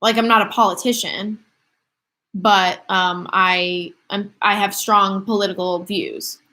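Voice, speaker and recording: A woman's voice: medium pitch, fairly even intonation, a little slow, pushed and bright. A woman in her twenties chatting casually on a livestream, rambling through viewer questions with lots of fillers. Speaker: livestream host.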